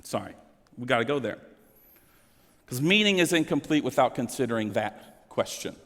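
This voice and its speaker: A man's voice: animated, moderate pace, fairly bright tone. A man pastor delivering a sermon, earnest and emotional, with sweeping rises and falls in his delivery. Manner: emotional, earnest preaching with dramatic swings in pitch. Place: church sanctuary. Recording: long hall reverb.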